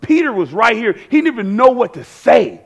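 A man preaching a sermon in a church, animated and conversational, acting out quoted voices and repeating phrases. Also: very high-pitched, moderate pace, gravelly.

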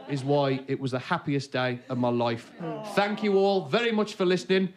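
A young man with a Black Country accent telling a comic story to a live audience, animated with comic asides. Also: on the high side, normal speed, over a noisy crowd, very noisy. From Black Country, England. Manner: animated, comic asides, bursts into shouted impressions. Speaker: comedian. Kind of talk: stand-up storytelling. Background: audience laughter.

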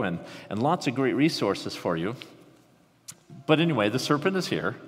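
A man with a Midwestern American accent preaching a conversational sermon, swinging between animated excitement and hushed intensity. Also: medium pitch. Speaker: pastor. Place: large church sanctuary. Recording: reverberant sanctuary sound.

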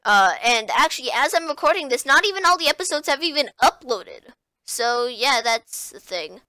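A woman's voice: high voice, animated, normal speed, dry recording. A woman hosting a let's-play video, chatting and rambling casually as she plays. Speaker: gaming video host. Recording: loud game music behind.

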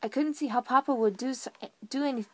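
A woman's voice: high voice, fast, darkish tone, no room sound. A woman voicing an anxious, earnest young male unicorn colt in a fan audio drama. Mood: bewildered.

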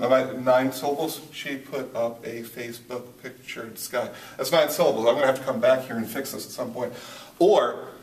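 A man gives a poetry lesson while writing on a board, and he stumbles, restarts and thinks aloud as he goes. His voice sits at an ordinary pitch. It is picked up from across an echoey room. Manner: halting, thinks aloud with many restarts and fillers. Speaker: poetry teacher. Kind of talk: whiteboard lesson. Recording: roomy, from a distance.

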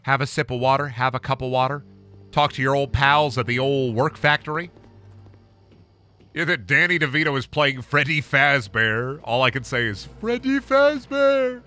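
A man's voice: mid-range voice, steady tone, normal speed, pushed and bright, soft background music. A young adult man giving casual, rambling commentary while streaming a game, joking and swearing as he goes. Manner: rambling, joking, profane asides. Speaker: gaming streamer.

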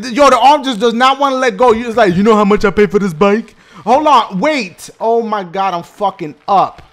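Man, gaming host, high-pitched, very animated, loud, slangy, swears a lot. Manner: loud, profane, slangy, quick to shout at the game. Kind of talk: excited gameplay commentary.

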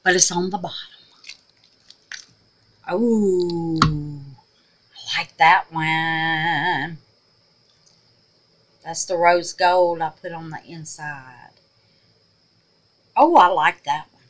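A woman chatting to her viewers while making resin crafts, often trailing off into quiet muttered asides. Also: fairly low pitch, slow, long pauses, slight background noise. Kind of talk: casual crafting vlog.

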